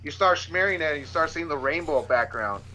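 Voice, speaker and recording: A man who is a guest on a podcast, explaining his work in casual chat with halting fillers. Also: on the high side, expressive, sharp tone, low-quality recording.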